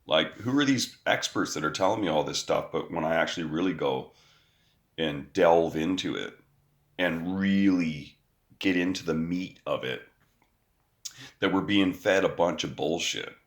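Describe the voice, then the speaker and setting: A man's voice: deep voice, measured pace. A man, recording an angry, profane rant into his phone outdoors. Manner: angry, profane rant with mocking quoted voices. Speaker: vlogger. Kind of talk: ranting to camera.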